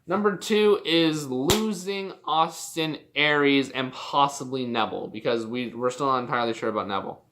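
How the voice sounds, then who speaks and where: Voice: mid-range voice, normal speed, few pauses, fairly bright tone. A young adult from Canada giving a casual, heated and profane rant on a vlog, often exasperated. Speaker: wrestling commentary vlogger.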